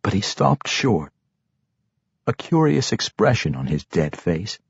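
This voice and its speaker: Man, audiobook narration, husky, lively pitch, dry, dull recording. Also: unhurried, dry recording. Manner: expressive, animated delivery. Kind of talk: dramatic fantasy audiobook narration.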